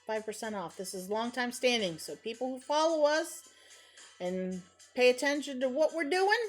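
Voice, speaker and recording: A woman's voice: a little high, expressive, normal speed, soft background music. A woman co-hosting a livestream, chatting bawdily and giggling while she paints. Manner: bawdy, giggly, slips into a mock crying voice. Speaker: co-host of a painting stream. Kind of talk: casual joking chat while painting.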